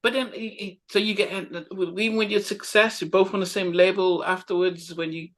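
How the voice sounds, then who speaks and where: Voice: mid-range voice, fairly even intonation, brisk, fairly bright tone. An interviewer asking short questions and reacting with laughs in a casual conversation.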